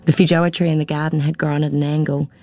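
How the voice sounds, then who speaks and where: A woman reading a novel aloud in a measured storytelling voice. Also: deep voice, little pitch movement, dark tone, soft background music. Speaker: audiobook narrator. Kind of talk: scripted narration.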